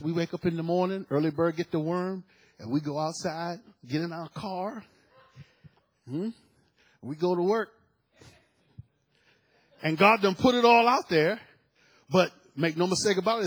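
Husky, animated male preacher. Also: on the high side. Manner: animated, rising to shouts of praise, acts out quoted voices. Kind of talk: sermon.

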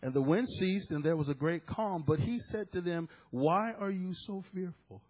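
Preacher, male, husky, a little high-pitched; sermon delivery with congregational call-outs. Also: moderate pace, poor audio. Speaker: pastor.

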